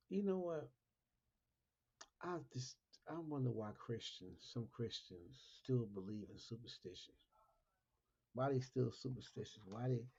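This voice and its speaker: A husky, gravelly-voiced man talks casually to his viewers. He fires off repetitive rhetorical questions and laughs often. The recording sounds dull and lo-fi. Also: mid-range voice, mellow. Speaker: Christian talk show host.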